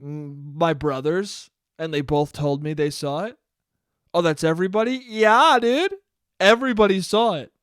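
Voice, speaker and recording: At a moderate pace and with a clear, resonant tone, the young man rants casually on his solo podcast, swearing a lot and doing shrill, mocking imitations of family members. The recording is dry and studio-clean.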